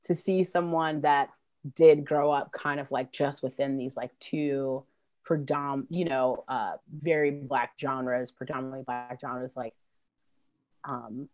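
A woman with a low voice talks loosely about her punk band, swearing freely and filling her sentences with casual asides. She laughs easily. The recording is dry and close. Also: fairly even intonation, slow pace, a little mellow, no room sound. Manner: loose, profane, heavy on fillers, laughs easily. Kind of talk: casual interview chat.

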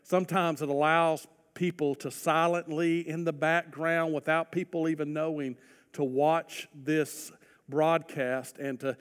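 A man preaches in a high voice, swelling loud for emphasis before easing into soft, earnest appeals. His sermon rings out with a long reverb, as if recorded in a church sanctuary. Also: little pitch movement, unhurried, clear, resonant tone. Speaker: pastor.

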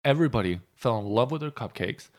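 A man's voice: medium pitch, animated, quick pace. A man co-hosting a casual podcast from a home loft, telling rambling stories with plenty of swearing. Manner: profane, rambling storytelling. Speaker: podcast co-host. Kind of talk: casual chat.

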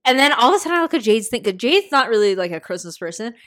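Lively young woman hosting, raised pitch. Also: racing. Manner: lively storyteller, animated quoting. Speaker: host. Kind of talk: casual chat.

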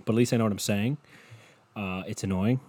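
His voice is lowish and darkish, and he talks fairly quickly. The young man runs a solo podcast from home on a cheap desk mic with headphones, swearing a lot as he rambles crudely and pokes fun at himself.

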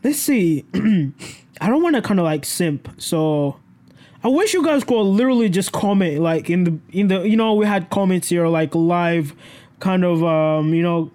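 A man's voice: high-pitched, expressive, measured pace, darkish tone. A young man vlogging casually to his camera, telling a story in a rambling, self-correcting way, swearing freely and laughing often.

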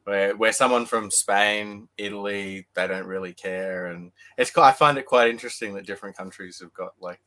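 Australian male podcast host, upbeat, bright tone; good for a game-show quizmaster. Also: on the low side, normal speed, hardly any pauses. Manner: upbeat, leads the talk and explains rules. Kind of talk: casual podcast chat, quiz hosting.

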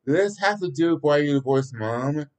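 An eager young boy's voice, pitched well up, as a man reading a story puts him on. He is earnest and full of questions. The reading is homemade and plain. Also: expressive, normal speed, darkish tone, natural voice.

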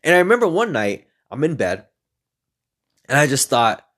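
A young man talks through personal stories in a loose, rambling way, full of restarts and swearing. His voice sits at an ordinary middle pitch and climbs sharply when he relives a big moment. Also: moderate pace. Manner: rambling, profane, animated when retelling. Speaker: speaker sharing personal stories. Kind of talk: casual storytelling monologue.

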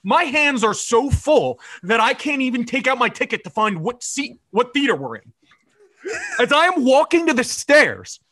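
A man hosting a casual sports podcast, telling animated stories and mimicking his friend's lines. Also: extremely high pitch, normal speed. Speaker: podcast host.

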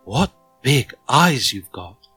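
A man's voice: mid-range voice, very animated, slow pace, fairly bright tone, breathy edge, no room sound, soft background music, pitched above the performer's own voice, full character voice. A man voicing a curious, nervous young girl in a storybook, speaking hesitantly. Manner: hesitant, wondering.

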